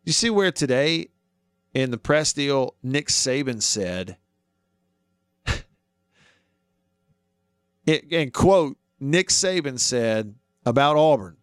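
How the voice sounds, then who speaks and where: A man's voice: a little high, unhurried, pauses often, clean tone, no echo, clean studio sound. A man hosting a sports talk radio show, arguing his points and asking listeners questions. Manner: animated, argues with himself, asks listeners questions.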